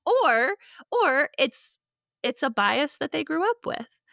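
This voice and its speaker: A woman's voice: sits high, sing-song, takes it slowly, gravelly, sharp tone, no room sound. Fiery woman podcast co-host, dry sound. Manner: fiery, passionate. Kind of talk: casual podcast chat.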